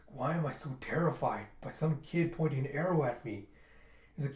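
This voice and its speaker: Animated man retelling a manga, echoey room. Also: medium pitch, moderate pace. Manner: animated retelling, jumping into character voices. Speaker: manga reviewer reading aloud. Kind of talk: casual manga readthrough.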